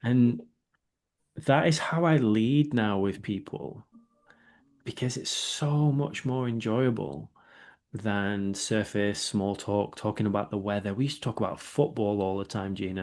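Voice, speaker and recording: A man, speaking as a guest in a candid, reflective interview and often checking in with a quick 'right?'. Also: medium pitch, creaky, darkish tone. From England. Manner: reflective, with many filler words and rhetorical 'right?'.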